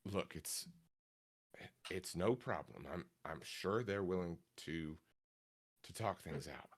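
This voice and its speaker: A man voicing a calm, reassuring male character with a southern drawl. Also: low-pitched, slow, full character voice. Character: calm, soothing male Renaissance gentleman.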